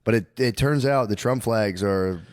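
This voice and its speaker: A man's voice: fairly low pitch, normal speed, no room sound. Guy on a comedy podcast, rambly and swearing, dead dry mic. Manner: rambling storyteller, laughing, swearing. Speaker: podcast co-host. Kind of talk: casual comedic chat.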